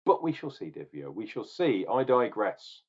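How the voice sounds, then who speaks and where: A man's voice: fairly low pitch, very animated, normal speed, husky. A man rambling chattily in a casual beer review vlog, often correcting himself mid-sentence. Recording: dull lo-fi recording.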